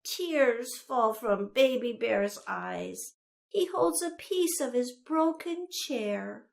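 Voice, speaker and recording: A woman describing the pictures in a children's story in a plain, measured way. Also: on the high side, animated, creaky.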